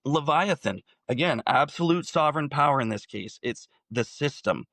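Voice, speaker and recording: A man's voice: medium pitch, lively intonation, normal speed, fairly bright tone, no echo. A man in his forties giving an impassioned solo commentary, full of rhetorical questions. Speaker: political commentator.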